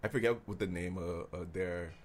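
A man's voice: low voice, fairly quick. A man co-hosting a podcast in casual chat, opinionated, arguing at length with his voice rising when worked up. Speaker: podcast co-host.

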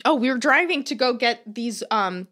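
A woman's voice: fairly high pitch, expressive, moderate pace, fairly bright tone. A young woman co-hosting a podcast, chatting casually and swearing freely as she acts out stories about her family. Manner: chatty, profane storyteller who acts out family members. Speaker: podcast co-host. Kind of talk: casual chat.

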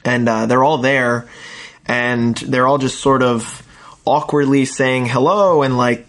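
Recapping a TV episode in casual chat with a co-host, a man rambles and performs the characters' lines as quotes, with lots of fillers. He speaks slowly in a steady, medium-pitched voice that is a bit bright.

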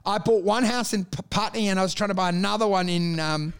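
A middle-aged man telling crude, animated stories in a casual chat, laughing as he goes. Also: high voice, fast talker, clean tone.

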